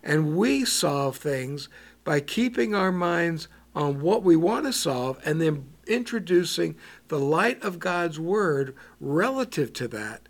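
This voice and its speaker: A man preaching a bible teaching, slow and halting, with many ums and repeated words. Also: a little high.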